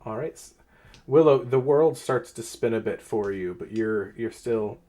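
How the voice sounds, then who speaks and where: A man running a tabletop game as game master, narrating in a relaxed, chuckling way. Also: on the low side, unhurried.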